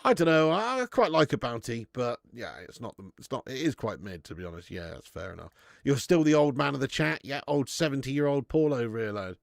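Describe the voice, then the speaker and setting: A man's voice: mid-range voice, very animated, a little fast, creaky, no echo, clean studio sound. A man in his thirties hosting a live football watch-along, bantering with chat viewers and swearing casually. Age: 30s. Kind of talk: casual live-stream chat and match commentary.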